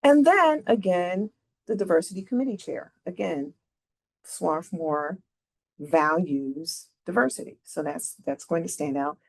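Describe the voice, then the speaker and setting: A woman's voice: on the low side, lively intonation, unhurried, vocal fry. A middle-aged woman leading a careers workshop, walking through slides in a conversational way and often checking in with "right?". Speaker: career advisor presenting a workshop.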